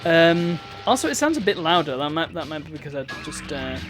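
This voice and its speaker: A man's voice: on the high side, very animated, a little fast, music in the background. Chatty man streaming a game. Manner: chatty, wry. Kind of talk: casual gameplay commentary.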